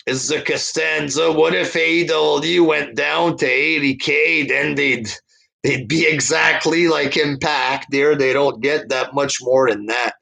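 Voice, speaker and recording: Reading live chat comments out loud, this streamer responds with a scornful, profane rant full of crude language and fillers such as "like" and "there". His voice sits a little high, steady and unhurried, with vocal fry and a pushed, bright quality.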